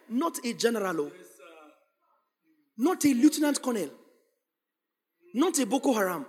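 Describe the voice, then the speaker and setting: A man preaching a sermon, acting out scripture scenes and building up to shouted lines. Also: very high-pitched, big pitch swings, normal speed, pauses often, breathy edge. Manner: dramatic, acts out scripture voices, builds to shouting. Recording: long hall reverb.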